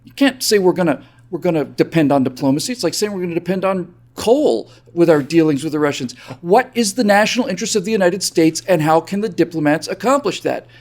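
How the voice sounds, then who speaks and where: High-voiced man ranting on a panel. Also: expressive, fast talker, hardly any pauses, darkish tone. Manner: emphatic, scornful, mocks with mimicry. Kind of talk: political talk show commentary.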